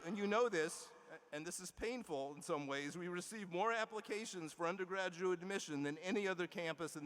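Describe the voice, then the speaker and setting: A man delivering a formal commencement address from a podium in a large indoor arena, measured and emphatic, with small restarts and asides. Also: sits high, a bit bright, a little hiss or hum. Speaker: university leader giving commencement address. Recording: long arena reverb.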